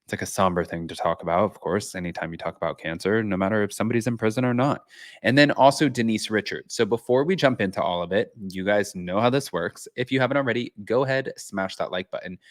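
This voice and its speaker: A man's voice: on the low side, fast talker, dry recording, clean studio sound. A man hosting a casual chat show from home, talking to his viewers and reading news stories aloud. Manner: chatty, reads news aloud. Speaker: host.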